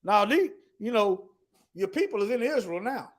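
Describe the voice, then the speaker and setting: A man's voice: high voice, big pitch swings, moderate pace. A man teaching the Bible in an emphatic preaching style, reading scripture aloud and addressing his listeners directly. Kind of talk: preaching to an online audience.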